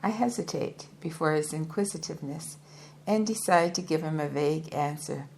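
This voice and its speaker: Low, gravelly woman reading aloud. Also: moderate pace, a little mellow, slight background noise. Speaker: audiobook reader. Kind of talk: first-person book narration.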